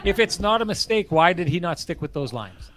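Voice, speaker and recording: Man, slightly high voice, animated, opinionated, laughing, post-game show co-host. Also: brisk, a crowd in the background. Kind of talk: casual sports talk. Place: bar.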